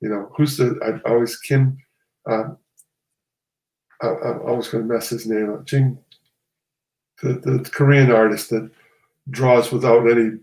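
A man's voice: mid-range voice, steady tone, measured pace, pauses often, darkish tone, reverberant, poor audio. A man, a comic artist guest, talking casually and rambling, often restarting and correcting himself. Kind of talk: casual conversation.

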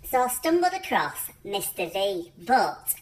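A performer voicing a tiny, chirpy cartoon dumpling through a high-pitched phone filter, rambling chattily in a comic vlog. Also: very animated, unhurried, recorded from a distance, slight background noise. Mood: chatty.

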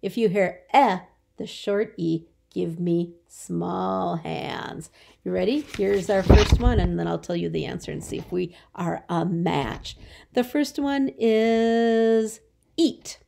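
A woman's voice: lowish voice, steady tone, measured pace, vocal fry, mellow, a little hiss or hum. A woman teacher giving a remote phonics lesson to young children, stretching out her words in a patient, encouraging way.

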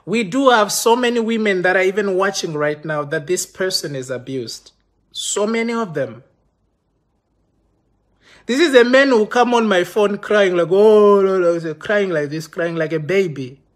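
A man with a notably high voice delivers a heated livestream rant. He sounds accusing and impassioned, and he trips over his words and restarts often as he addresses his viewers. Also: animated, moderate pace. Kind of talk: live-streamed rant to viewers. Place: London.

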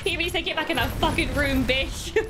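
A woman streaming a game live, excitable and talking to her chat, swearing and laughing often as she plays. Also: sits high, brisk, noisy background. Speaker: gaming streamer. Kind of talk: live let's-play commentary.

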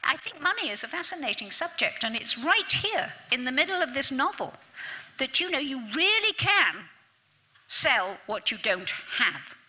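A woman giving a literature lecture at a summer school, chatty and lively, with asides to her audience and little self-mocking remarks. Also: high voice, normal speed. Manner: self-deprecating, laughs at herself.

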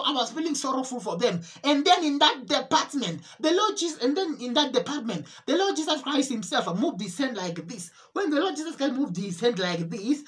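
A woman giving an emotional religious testimony, earnest and repetitive, often halting to restate her words. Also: high-pitched, a bit bright. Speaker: testimony preacher.

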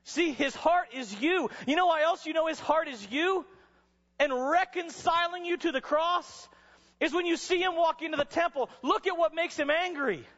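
A man's voice: very high-pitched, moderate pace. Dramatic preacher man in a reverberant hall. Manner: dramatic storytelling preacher, voice rising to shouts. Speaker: chapel speaker. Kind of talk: sermon. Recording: dull sound with long hall reverb.

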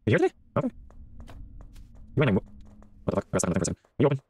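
A man's voice: lowish voice, wildly swooping pitch, fast, warm tone, breathy edge. A man giving casual let's-play commentary, joking, swearing freely and chatting to the game characters. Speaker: gaming streamer.

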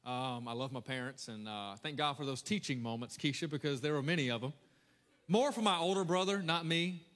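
Bright-voiced pastor preaching in an echoing hall. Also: male voice, on the high side, a little fast. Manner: energetic, conversational preaching with audience call-outs. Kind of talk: sermon. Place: large church hall. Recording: echoey church hall with long reverb.

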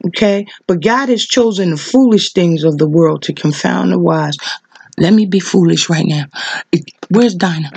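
A woman preaching fervently in a vlog, hammering home repeated rhetorical questions as her voice leaps high with emotion. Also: normal speed, darkish tone, husky, dry recording.

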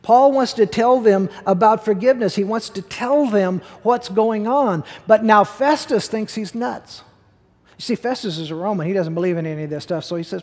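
A man's voice: sits high, moderate pace, a little mellow, in a large hall. A man preaching a sermon as pastor, emphatic and conversational, repeating key words for effect.

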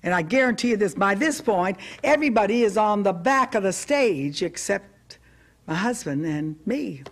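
A woman's voice: medium pitch, animated, normal speed. Emphatic woman preacher telling a story. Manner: emphatic storytelling with humorous asides; bursts into loud commands when quoting herself. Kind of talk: preaching testimony.

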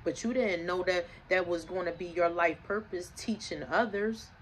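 A tarot reader gives a casual reading in a lowish voice at a normal speed. She is emphatic and preachy, leaning on rhetorical questions, swearing freely and looping back to phrases she's already said. Faint background noise runs beneath her.

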